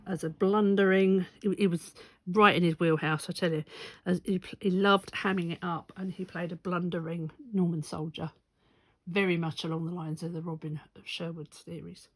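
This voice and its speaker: A woman with a slightly low voice tells a long, rambling story in a chatty vlog. She sounds amused and often backtracks to correct herself. The sound is dry and close, with little room echo. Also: level tone, normal speed. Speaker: stitching vlogger. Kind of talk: casual anecdotal storytelling.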